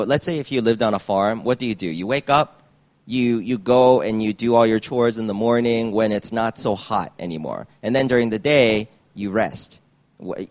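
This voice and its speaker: Man preaching a casual sermon. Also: mid-range voice. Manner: casual, rambling, frequent "right?" and restarts. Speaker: pastor. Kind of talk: conversational sermon.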